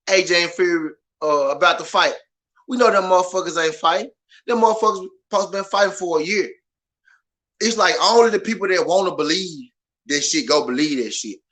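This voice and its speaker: Loud, ranting man with a bright, high voice. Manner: loud, passionate, profane, repetitive. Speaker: boxing podcast host. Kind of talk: animated ranting commentary.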